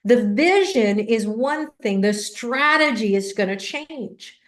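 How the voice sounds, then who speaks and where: Woman coach on a podcast, chatty and animated, bit of room echo. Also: fairly high pitch, slow pace. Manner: animated storytelling, acts out quoted voices. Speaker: business coach guest. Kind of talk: conversational interview. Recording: echoey room.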